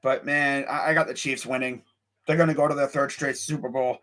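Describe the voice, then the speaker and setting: A young man hosting a casual live-streamed sports show, talking his picks with excitable energy, sighing and laughing as he goes. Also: medium pitch, a little fast. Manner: excitable, animated, lots of sighs and laughs; reads live chat while talking.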